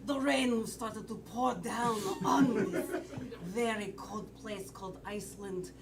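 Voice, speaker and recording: A woman improv player narrating a story slowly and drawn out. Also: fairly high pitch. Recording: distant mic in a theater with a crowd.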